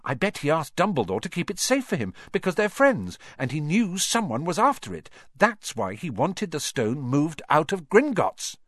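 A man voicing a bright, bossy schoolgirl witch who speaks urgently and insistently. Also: on the high side, huge pitch swings, normal speed, hardly any pauses, no room sound, studio quality, pitched above the performer's own voice. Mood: eager. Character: bossy clever schoolgirl, eager and impatient.

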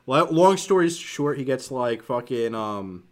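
A man co-hosting a casual anime podcast, talking in an excited, loose way and swearing casually. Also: mid-range voice, a little slow. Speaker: podcast co-host. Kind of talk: casual chat.

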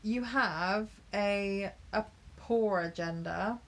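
A woman's voice: medium pitch, drawn-out words, slight background noise. A woman co-hosting a casual podcast chat, working through a list of terms in a chatty way and laughing easily. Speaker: podcast co-host.

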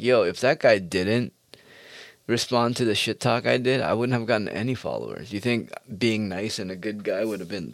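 Male podcast host, low voice, dry close sound, crude and rambling delivery. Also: dry recording. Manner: profane, rambling, mocking. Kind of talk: casual solo podcast monologue.

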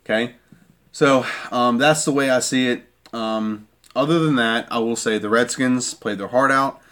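A man's voice: mid-range voice, measured pace, a bit bright. A man giving a heated sports-fan rant, repeating his points and asking "okay?" again and again. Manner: irate, repeats himself, keeps asking "okay?".

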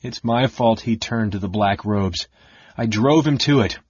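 A big brawny warrior, as a male narrator plays him, sulky and bitter, snapping out his words. The voice sits low and a little husky. The storybook recording is dry and dull. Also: measured pace, darkish tone, no room sound. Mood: blubbering. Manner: surly, snapping, self-pitying.

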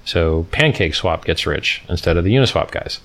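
A man's voice: low-pitched, expressive, fairly quick, a bit bright. A man hosting a casual livestream, rambling and mocking, reading from his screen and talking to viewers in chat. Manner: reads from the screen and chats with viewers. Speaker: livestream host.

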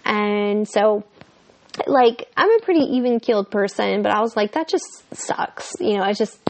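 A woman's voice: mid-range voice, expressive, normal speed. A young woman hosting a podcast, telling a personal story in a candid, chatty way that is full of fillers and casual swearing. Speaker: podcast host.

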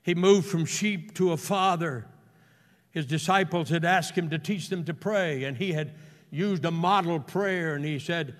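A pastor preaches to his congregation, his voice pitched a little high for a man. He swings from quiet, drawn-out storytelling to ringing exclamations. The sound carries a long reverb through the church. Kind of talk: sermon. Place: church sanctuary.

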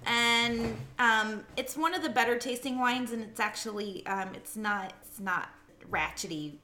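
A woman's voice: a little high, a little slow, pushed and bright. A woman co-hosting a casual podcast, laughing and joking as she chats. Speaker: podcast co-host. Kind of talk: casual drinking chat.

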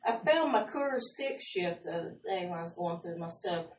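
A woman telling lively, laughing stories in a casual chat. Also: on the low side, normal speed. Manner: animated, laughing storyteller, drawling. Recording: echoey room, far from mic, faint noise.

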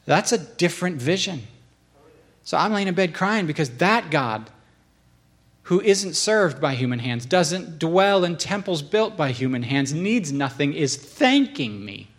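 A man hosting a casual, earnest chat, telling stories in an animated way and slipping into quick acted asides. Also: on the high side. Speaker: podcast host.

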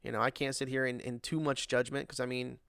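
A man's voice: mid-range voice, level tone, fast talker, creaky, fairly bright tone, smooth, dry recording, studio quality. A man ranting in a casual monologue, profane and rambling, with lots of fillers and an exasperated tone. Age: adult, working.

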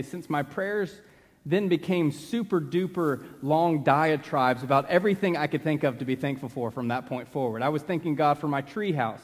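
A man preaching a sermon as pastor, earnest, slowing down and dropping to a hush to stress a point. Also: fairly high pitch. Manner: earnest, slows down and drops to a hush for emphasis. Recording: long reverb of a large hall.

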